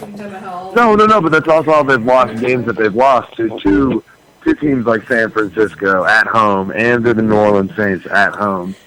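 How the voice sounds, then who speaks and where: Lowish male caller, rambling football talk, repeats himself. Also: unhurried, sharp tone, low-quality recording. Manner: rambling, emphatic, repeats words. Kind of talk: casual sports analysis.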